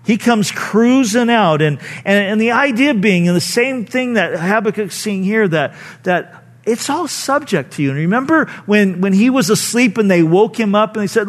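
A man's voice: lively intonation, normal speed. A male pastor preaching a conversational sermon, teaching informally with frequent asides and acting out the people he quotes. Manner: acts out quoted people with raised pitch.

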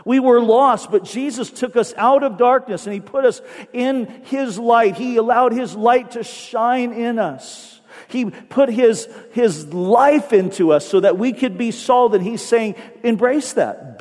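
A male pastor preaches to his congregation. His voice sits high for a man, and he drags out key phrases for emphasis. The sound rings with a long reverb, as in a large sanctuary. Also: measured pace, darkish tone. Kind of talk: sermon. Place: church sanctuary.

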